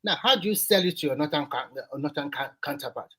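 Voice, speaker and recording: A man's voice: fairly high pitch, lively intonation, fast talker. A man speaks as an activist on a live discussion panel. He argues emphatically, circles back to his points and pushes his voice up when heated. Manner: emphatic, repeats himself, gets loud.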